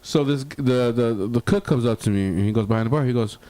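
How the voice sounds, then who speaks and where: A man's voice: mid-range voice, fast talker, warm tone, no echo. Profane rambling man telling a story. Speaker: podcast co-host. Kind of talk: casual storytelling.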